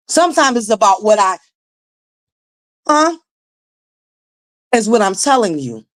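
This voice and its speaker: A woman in her forties with a naturally raspy voice, hosting a casual live-stream commentary, blunt and profane, talking straight to her viewers. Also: fairly high pitch. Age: 40s. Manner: blunt, profane, emphatic, addresses viewers directly. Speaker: livestream commentary host.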